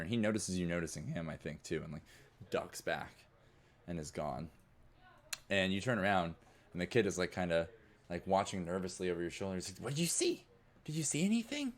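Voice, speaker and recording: A man with a low, deep voice runs a tabletop role-playing game. He narrates casually, dropping in lots of fillers as he sets each scene. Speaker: game master.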